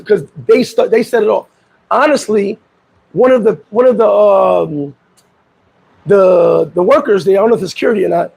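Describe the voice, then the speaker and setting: Host, male, high gravelly voice, lively storyteller who acts out his quotes. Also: rough recording. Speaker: vlog host. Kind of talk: casual commentary. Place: Dominican Republic.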